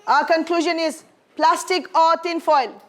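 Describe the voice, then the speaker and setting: A woman's voice: very high voice, fairly even intonation, measured pace. A woman teaching a primary school science class, encouraging her pupils and calling them darling as she leads a clean-up and a discussion.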